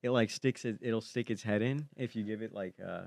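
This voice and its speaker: Low-voiced young man, laid-back chat. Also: a little fast, gravelly, no echo. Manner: relaxed, says "dude" a lot, drifts while remembering. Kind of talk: casual chat.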